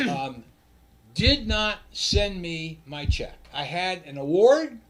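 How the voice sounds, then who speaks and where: A man's voice: fairly high pitch, fairly bright tone. An older man co-hosting a talk show, telling a long personal story in casual chat, acting out the people he quotes, with frequent restarts and the odd swear word.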